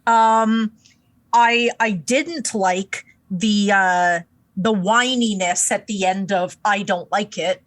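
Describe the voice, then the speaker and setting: A woman's voice: mid-range voice, slow. A woman co-hosting a podcast, chatting about an album in a hesitant, giggly way, often restarting her sentences. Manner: hesitant, giggly, self-correcting. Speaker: podcast co-host. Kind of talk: casual album review chat.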